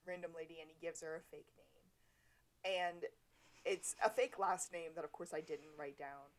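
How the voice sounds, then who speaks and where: A woman with a fairly low voice talks through an episode recap as a podcast co-host. She rambles casually and often corrects herself mid-sentence. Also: moderate pace. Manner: chatty, rambling, self-correcting.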